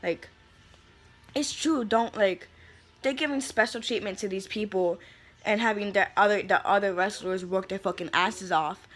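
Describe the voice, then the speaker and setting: A woman's voice: mid-range voice, normal speed, a bit bright, soft background music. A young woman delivering a heated, profane rant as a vlogger, sassy and fired up, calling people honey. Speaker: vlogger ranting about wrestling.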